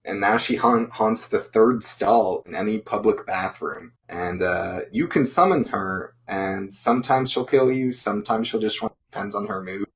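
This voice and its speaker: A man's voice: lowish voice, normal speed, hardly any pauses, poor audio. A man co-hosting a casual live stream, answering with short, mild exclamations and telling a brief spooky tale. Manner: reacts with mild exclamations like "oh my goodness". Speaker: podcast co-host.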